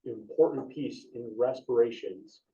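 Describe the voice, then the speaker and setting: A man leads an EMT class in a relaxed, informal way, questioning his students as he goes. His voice is dark and mellow. He is picked up from a distance in a classroom on a dull, lo-fi recording. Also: medium pitch, a little slow. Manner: casual, asks the class questions. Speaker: EMT instructor.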